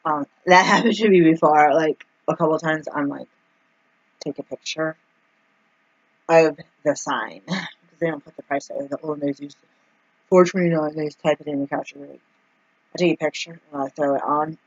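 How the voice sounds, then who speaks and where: A woman's voice: low-pitched, fairly even intonation, moderate pace, long pauses, no room sound, lo-fi sound. A woman telling a personal story in a casual vlog, chatty and full of fillers, acting out the people she quotes. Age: adult, mother of two young kids. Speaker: vlogger.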